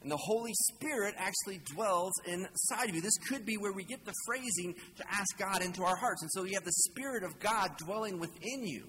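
A male pastor gives a relaxed, joking sermon and keeps putting questions to the congregation. His voice sits a little high for a man. He is recorded in a large hall with a long reverb and a faint hum of ambient noise behind him. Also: brisk, hardly any pauses. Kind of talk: conversational sermon.

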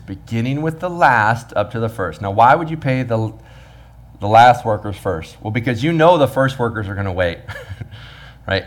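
Pastor preaching with lively humor. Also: male voice, lowish voice. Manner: animated, acts out the workers' voices with humor. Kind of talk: sermon.

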